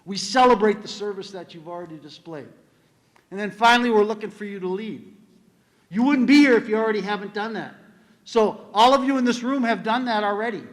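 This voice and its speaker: An older man addresses students at an induction ceremony, with a fairly high voice. His speech rings with the long reverb of a big hall. He tells stories in an unhurried, encouraging way. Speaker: school administrator giving a speech.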